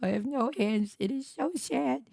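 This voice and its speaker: A woman's voice: sits high, a little slow, creaky, mellow, no echo. A woman livestreamer chatting casually with her viewers, giggly and rambling, on a close desk microphone. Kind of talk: casual stream chat.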